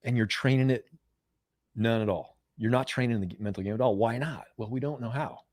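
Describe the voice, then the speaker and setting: A man's voice: mid-range voice, a little fast, no echo. An American man in his forties, a performance coach, telling stories in an interview with lots of repeated words. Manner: animated, repeats words, acts out quoted voices loudly. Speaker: mental performance coach, guest. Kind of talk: conversational interview storytelling.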